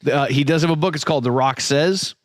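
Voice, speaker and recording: A man co-hosting a podcast in casual chat, playful and animated, reading bits aloud and steering the talk back on track. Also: a little high, fairly quick, no echo, studio quality. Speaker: podcast co-host.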